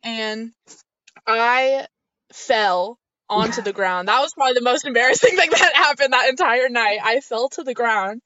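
A woman's voice: fairly high pitch, moderate pace, noisy background. Laughing young woman telling a story. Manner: laughs often while telling a story, rambling with many "like"s. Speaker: podcast co-host. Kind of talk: casual storytelling chat. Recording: slightly dull lo-fi audio, dry.

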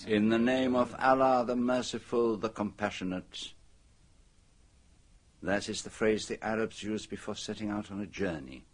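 An actor, speaking in a measured, courteous, formal way. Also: male voice, lowish voice, close to an everyday voice. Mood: solemn. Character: fastidious older male detective, calm, precise. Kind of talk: radio play acting.

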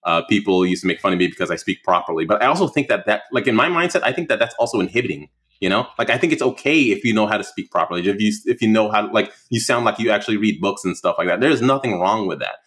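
A man's voice: lowish voice, expressive, fast, fairly bright tone. A young man talking casually as a guest, rambling with many fillers and restarts. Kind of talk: casual conversation.

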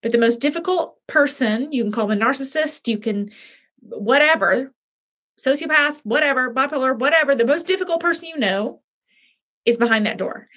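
A woman's voice: high voice, animated, normal speed, fairly bright tone. Chatty, emphatic woman author, lo-fi sound. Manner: chatty, emphatic, acts out little scenes. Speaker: author and coach. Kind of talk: animated talk explaining a method.

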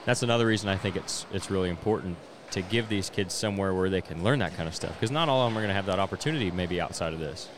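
Easygoing low-voiced podcast host, a man. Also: rapid-fire, hardly any pauses, noisy background. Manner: easygoing, frequent agreeing backchannels. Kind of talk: casual podcast chat.

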